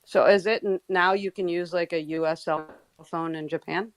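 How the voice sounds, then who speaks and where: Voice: mid-range voice, steady tone, moderate pace, clear, resonant tone, no room sound. A friendly speaker asking the hosts questions in a casual live chat.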